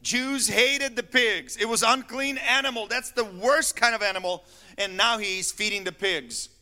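A man's voice: high-pitched, unhurried, bright, forceful tone. A man preaching a sermon as pastor, telling the story with teasing asides and rhetorical questions to his congregation.

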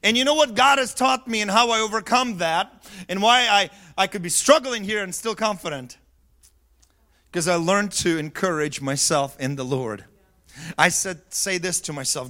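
A middle-aged pastor preaching a sermon, moving between quiet, low talk and loud yelled peaks. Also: male voice, normal speed. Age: middle-aged or older. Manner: swings from soft and low to yelling at high pitch.

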